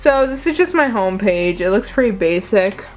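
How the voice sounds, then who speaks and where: A woman's voice: mid-range voice, expressive, normal speed, a little mellow, soft background music. A young woman vlogging casually, goofy and chatty, often laughing at herself. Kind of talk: casual chat.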